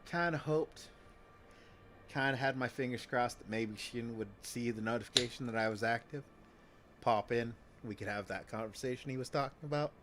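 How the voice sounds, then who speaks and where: A man's voice: mid-range voice, a bit bright, slight background noise. A man streaming a game, chatting casually and jokily with his chat and swearing now and then. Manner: rambling, jokey, swears, chants and talks to chat.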